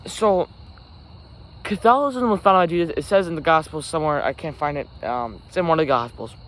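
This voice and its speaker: Brisk and a little high-pitched, with a fairly bright tone, a man hosts a solo podcast outdoors near a forest. He films himself on camera, rambling and self-correcting while crickets and insects sound around him.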